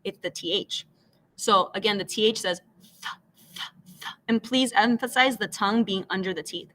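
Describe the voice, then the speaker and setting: A woman's voice: medium pitch, brisk, fairly bright tone, slight background noise. A woman teacher patiently explaining phonics, switching between English and Spanish and modeling each letter sound aloud. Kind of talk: bilingual classroom phonics explanation.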